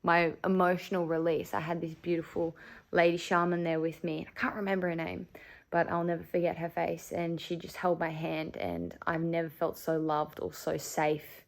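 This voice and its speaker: A woman tells a personal story straight to camera in a loose, confiding way. Her voice sits a little low and has a gravelly fry running through it. She talks candidly, scatters "like" through her sentences and swears freely. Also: level tone, normal speed. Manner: candid, chatty, swears freely, many "like" fillers. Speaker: vlogger.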